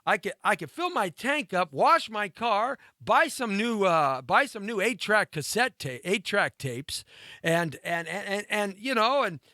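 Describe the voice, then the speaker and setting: A talk show host in his fifties rambles through a personal story with animated, laughing asides. His voice sits fairly high and swoops widely across phrases. The sound is close and dry. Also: measured pace, no echo. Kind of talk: storytelling monologue.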